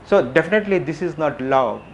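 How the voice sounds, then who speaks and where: A middle-aged man giving a reflective public talk, asking questions and repeating phrases with frequent pauses. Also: on the high side, animated, creaky. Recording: faint background noise.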